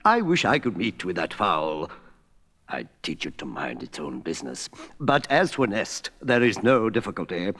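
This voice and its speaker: An actor playing a crafty gentleman fox in a vintage storybook record, oily and overly courteous. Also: sits low, wildly swooping pitch, normal speed, in a large hall, heavily acted. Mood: smooth. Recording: old record with faint orchestral music.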